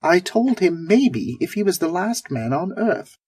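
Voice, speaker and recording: A woman's voice: on the low side, sing-song, measured pace, a little mellow, husky, pitched above the performer's own voice, full character voice. A man voicing a strait-laced, by-the-numbers woman second-in-command, dry and clipped, in an audiobook reading. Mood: scornful.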